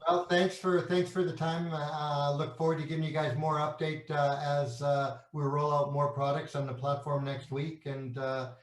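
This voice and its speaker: A man's voice: on the high side, flat delivery, normal speed, hardly any pauses, roomy sound. A man from Canada, a company executive, explaining his products in an interview, asking rhetorical questions and using everyday analogies, with frequent restarts.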